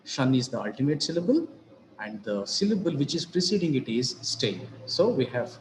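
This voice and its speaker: A man giving a grammar lesson on word stress, speaking slowly and deliberately and repeating example words. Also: mid-range voice, big pitch swings, roomy sound, slight background noise. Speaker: English teacher.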